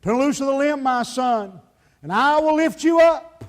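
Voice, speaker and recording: A man voicing God as a big, commanding voice booming down from heaven in a joke story. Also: expressive, unhurried.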